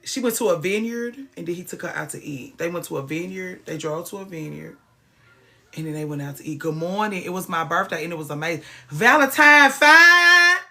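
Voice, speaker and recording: A woman's voice: low voice, fast, creaky. A woman hosting a casual livestream, ranting with plenty of swearing and greeting viewers by name. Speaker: livestream host.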